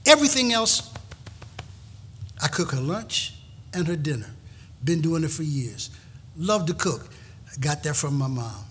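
A man's voice: sits high, pushed and bright, a little hiss or hum. A middle-aged male pastor preaching a sermon in a folksy, emphatic way, often repeating words as he builds a point.

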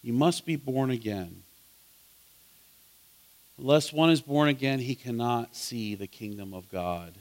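A man teaching a Bible study as pastor, asking his listeners questions and swinging between loud emphasis and soft asides. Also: mid-range voice, a little slow, pauses often.

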